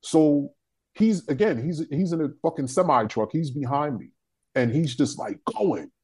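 A young adult man telling a story on a discussion panel, profane, animated and emphatic. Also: on the high side, moderate pace, slightly rough.

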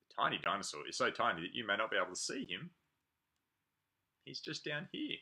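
A man leading a preschool playgroup, reading a picture book aloud to toddlers in an animated, sing-song way with drawn-out words. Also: fairly low pitch, breathy edge.

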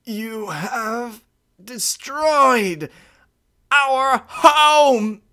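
A man voicing an old, frail male pronghorn deer in a storybook reading, speaking in a high quavering voice that cracks toward crying. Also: lively intonation, drawn-out words, pushed and bright, exaggerated voice. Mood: grieving accusation. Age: older. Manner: quavering, breaking into cries.

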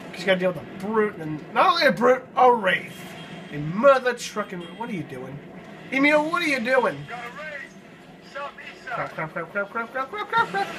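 Excitable male let's-play host, high and very lively voice, yelling and swearing, distant noisy mic. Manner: hyperactive, loud outbursts and cursing. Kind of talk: excitable gameplay commentary. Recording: distant mic with loud noise.

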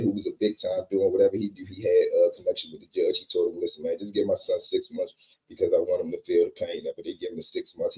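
Deep-voiced, fast-talking male storyteller. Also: rough recording. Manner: animated, acts out every character. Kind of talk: casual comedic storytelling.

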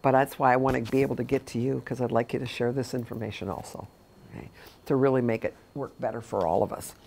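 A woman's voice: rumbling low, creaky, darkish tone. A middle-aged woman, a memory care consultant, talking with caregivers in a chatty, story-telling way and acting out quoted dialogue. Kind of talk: talk to caregivers.

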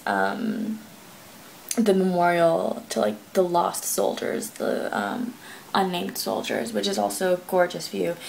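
A woman's voice: fairly low pitch, creaky, darkish tone, slight background noise, poor audio. A young woman vlogging late at night from her bedroom, rambling and giggly, a little out of breath. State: slightly out of breath. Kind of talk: casual late-night vlog.

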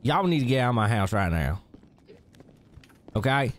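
A man's voice: medium pitch, big pitch swings, moderate pace. A man streaming a role-play game, chatting casually in character with friends, teasing and laughing often.

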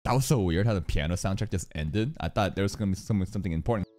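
A man with a low voice talks fast as he reacts to an anime episode in casual commentary. He swears freely and wanders off into long, rambling, animated stories.

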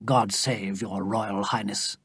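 A reader voicing a loyal old soldier in a storybook reading, speaking solemnly and slowly. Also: mid-range voice, expressive, fairly bright tone, no echo, clean studio sound, voice pushed up, heavily acted.

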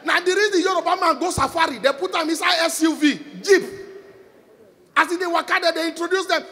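A man with a Nigerian accent doing stand-up comedy on a concert stage, telling stories loudly in Pidgin and English. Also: very high-pitched, brisk. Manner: loud, animated storytelling in Nigerian Pidgin and English.

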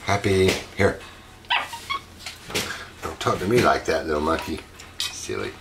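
A deep-voiced man chats casually to his pet, doting and coaxing. His talk has a fond, fussing quality throughout. Clear background noise runs under the recording. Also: sing-song, a little slow. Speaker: pet monkey owner and channel host.

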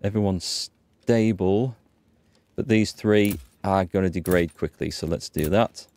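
A man's voice: deep voice, unhurried, a little mellow. A man hosting a gaming channel, chatting and thinking aloud as he plays. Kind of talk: let's-play commentary.

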